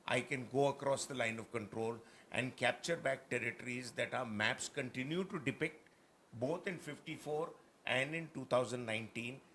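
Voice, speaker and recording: A man moderates a panel discussion on a festival stage. He speaks bluntly and addresses his guests politely as sir. His voice sits at an ordinary pitch, with faint room noise behind it. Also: bright, forceful tone.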